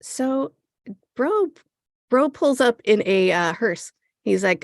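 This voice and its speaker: A woman co-hosting a podcast in a loose, sarcastic chat, laughing and swearing as she goes. Her voice sits fairly high and swings widely in pitch. She talks at an unhurried, drawn-out pace with a gravelly fry, heard close and dry. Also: expressive, no echo. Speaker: podcast co-host. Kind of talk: casual chat recapping a TV episode.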